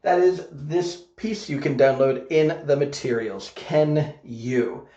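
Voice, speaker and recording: A man teaches English grammar online in a slow, deliberate way, sounding out example sentences and checking in with "okay?" as he goes. His voice sits a little high for a man. The recording is dull and lo-fi, with an echoey room around him. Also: mellow.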